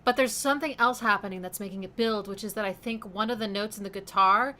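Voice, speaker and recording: A woman's voice: medium pitch, quick pace, a little hiss or hum. A young woman co-hosting a casual music chat, eagerly explaining rhythms and chords. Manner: enthusiastic, explains music theory, hums rhythms. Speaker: co-host, daughter. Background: song playing loudly.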